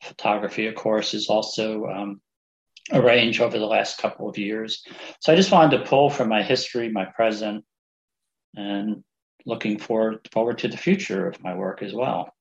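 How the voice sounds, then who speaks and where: A man's voice: on the low side, steady tone, moderate pace, vocal fry, muffled recording. A man from New Jersey, a writer guest on a radio interview, chatting in a friendly, easygoing way. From New Jersey, United States. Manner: friendly and chatty, laughs easily.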